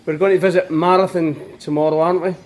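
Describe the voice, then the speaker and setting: A man's voice: fairly high pitch, little pitch movement, a little mellow. Chatty man filming a campsite. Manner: chatty, halting with many fillers and restarts. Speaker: expedition leader of a veterans' charity trip. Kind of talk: casual vlog narration to camera. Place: outdoor campsite.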